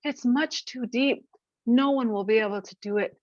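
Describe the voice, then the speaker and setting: A woman's voice: on the high side, normal speed, no echo, close to an everyday voice. A woman voicing an eager, earnest male beaver. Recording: dull, dry lo-fi recording.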